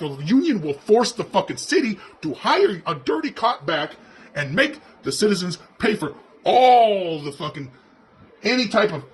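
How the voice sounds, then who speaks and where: A man playing a crude, foul-mouthed police officer, ranting sarcastically and profanely as he comments on video footage. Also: sits high.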